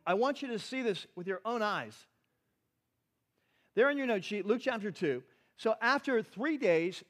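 A man preaching a sermon, teaching animatedly and asking the audience rhetorical questions. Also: extremely high pitch. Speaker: pastor.

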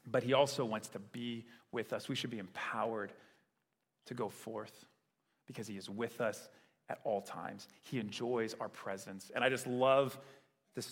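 A man's voice: medium pitch, fairly even intonation, normal speed, fairly bright tone, big-room sound. A man preaching a sermon in a conversational way, often checking in with "right?". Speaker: pastor.

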